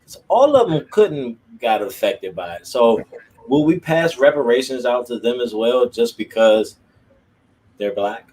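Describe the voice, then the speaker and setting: A man's voice: mid-range voice, lively intonation, measured pace, a little mellow, a little hiss or hum, rough recording. A man jumping into a casual discussion with challenging questions. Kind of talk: casual debate chat.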